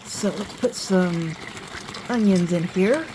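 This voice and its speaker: A woman's voice: fairly low pitch, slow, noisy background. A middle-aged woman chatting in a folksy way as she cooks in her home kitchen, with reminiscing asides. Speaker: home cooking vlogger. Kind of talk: casual cooking vlog.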